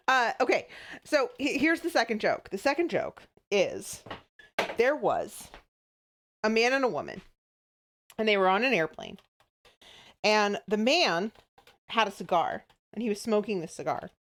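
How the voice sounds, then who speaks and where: A woman's voice: medium pitch, fairly bright tone. A woman streamer telling jokes to her chat in a giggly, rambling way, stopping and restarting often. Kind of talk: casual joke-telling to a live chat.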